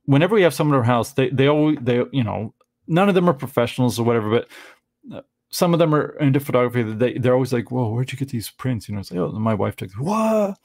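A man's voice: medium pitch, darkish tone, dry recording, studio quality. A middle-aged man rambling through casual commentary on photographs, searching for words and restarting often. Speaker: vlogger.

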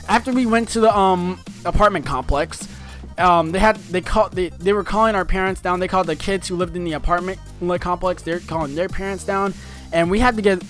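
A young man telling a personal story to his viewers in a rambling, casual way, full of fillers and restarts. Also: high-pitched. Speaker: vlogger.

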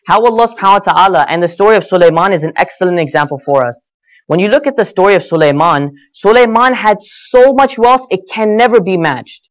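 A man with a high voice, lively intonation and quick pace preaches at a religious gathering through earnest stories. He voices the quoted lines with rising and falling emphasis.

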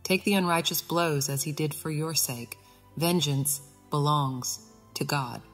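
A woman reading an audiobook, voicing a spirit of self-control that coaches softly and slowly. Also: low-pitched, husky, faint music behind. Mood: coaching. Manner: soft, slow, coaching.

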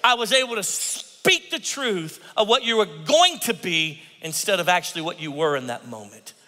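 A man preaching a sermon as pastor, animated, acting out quotes and swinging from hushed tones to shouts. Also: sits high, normal speed. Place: church sanctuary. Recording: church hall reverb.

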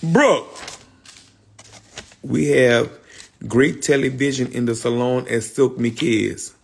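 A man's voice: medium pitch, slow pace, gravelly, slightly rough. A man hosting a casual livestream, talking in loose street slang, repeating himself and calling out viewers by name. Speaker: livestream host.

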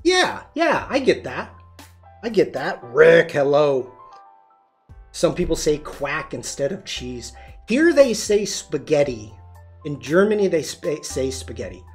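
A man's voice: a little high, very animated, a little slow, faint music behind. A man hosting a live-streamed photography tutorial, chatty and demonstrative, greeting viewers and answering chat as he shows poses.

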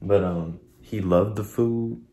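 A man's voice: fairly low pitch, slow pace, mellow. Playful chatty young man in an echoey kitchen. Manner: playful, chatty, addresses viewers as y'all, laughs often. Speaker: cooking vlogger. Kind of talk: casual cooking vlog. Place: home kitchen.

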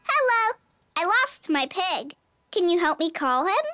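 A woman's voice: very high voice, very animated, a little slow, pushed and bright, soft background music, heavily acted. A woman voicing a friendly cartoon farmer who is looking for her lost pig.

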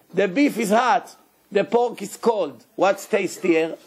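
A man, a rabbi, giving a Torah lesson in animated, broken English and acting out quotes. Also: high-pitched, slow pace, breathy edge. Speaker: rabbi teaching a Torah class.

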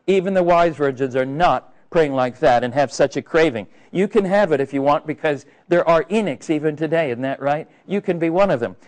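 A male preacher delivers a sermon in a loose, conversational way. His voice sits a little higher than most men's, and he leans on fillers and hesitations. He stays earnest and direct with his listeners throughout. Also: a little fast, few pauses, a little mellow, rough recording.

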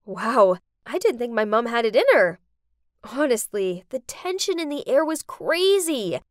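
A young woman giving dramatic scripted narration for an animated story. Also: a little high, a little slow, dry recording, clean studio sound.

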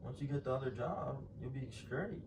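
A man's voice: mid-range voice, moderate pace, darkish tone. Slangy young man, teasing and laid-back. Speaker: prankster vlogger. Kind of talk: casual argument. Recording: roomy, distant and noisy.

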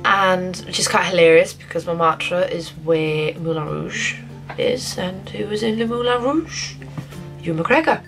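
A young woman vlogging a casual film review, gushing and excitable, often restarting her sentences. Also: lowish voice, unhurried, vocal fry, soft background music, low-quality recording. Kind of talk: casual spoiler review to camera.

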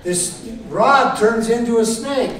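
A male pastor preaches in a playful, storytelling way, acting out scenes. His voice sits high and moves slowly. He is heard from far off in a very echoey church. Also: crowd noise. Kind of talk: sermon.

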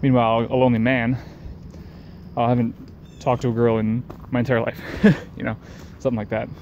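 A man's voice: medium pitch, level tone, brisk, a little mellow, highs cut off, slight background noise. A man talking in a rambling, profane casual rant, repeating himself and chuckling between sentences.

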